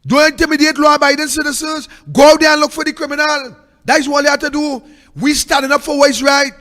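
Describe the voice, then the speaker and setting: A man's voice: very high-pitched, flat delivery, fast, pushed and bright, long reverb tail. A man with a Trinidadian accent hosting a political commentary show, ranting in a fiery, repetitive way that sometimes turns sing-song. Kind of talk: impassioned political monologue.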